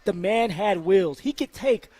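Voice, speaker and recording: A male radio co-host and former football player, talking in an emphatic, animated way and repeating words as he builds his point. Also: high-pitched, a little slow, dry recording. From United States. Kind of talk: sports talk radio chat. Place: radio studio. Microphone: studio microphone.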